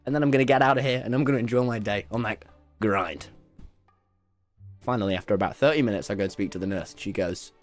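A British man streaming, telling a story to his chat in an excitable, laughing way that breaks into shouts. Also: on the low side, fast, soft background music.

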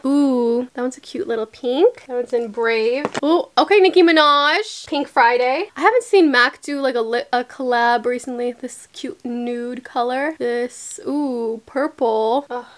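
A young woman in her twenties from Canada, a beauty vlogger chatting casually and gushing through an unboxing haul with slang and squeals. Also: on the high side. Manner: bubbly, gushing, slangy, frequent gasps and squeals.

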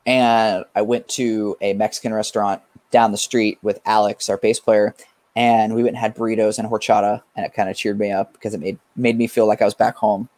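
A man's voice: on the low side, little pitch movement, brisk, a little mellow, no room sound. A young man from California, a guest musician, telling a rambling story in a casual chat with fillers and swearing.

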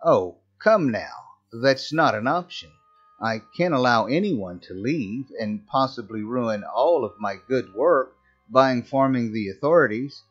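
A man's voice: mid-range voice, animated, a little slow, slightly rough. A man voicing a smug, mocking old mad-scientist doctor in a horror story reading, over a slightly dull recording with faint music. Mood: gleeful. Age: older.

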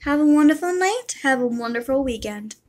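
Giggly high-voiced woman gamer. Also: expressive, a little fast, darkish tone. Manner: giggly, bursts into helpless laughter; talks to game characters and her cat. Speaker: gaming YouTuber. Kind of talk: casual gameplay commentary.

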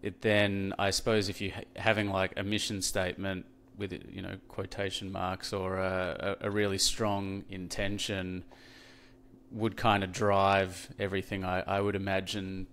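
A man's voice: sits low, completely flat delivery, moderate pace, fairly bright tone, a little hiss or hum. A man hosting a podcast interview, asking questions in a hesitant, thoughtful way with many fillers. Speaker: podcast host. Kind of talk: casual interview chat.

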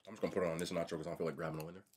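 A young man vlogging casually while eating, telling stories in a slangy, animated way. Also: deep voice, racing, background noise. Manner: animated, slangy storytelling, says bro a lot. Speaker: mukbang vlogger.

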